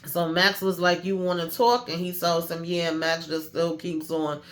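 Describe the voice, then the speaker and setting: Higher-voiced man, lively slangy recap host who acts out the scenes. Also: a little slow. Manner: animated, slangy, acts out characters' lines. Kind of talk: casual recap monologue.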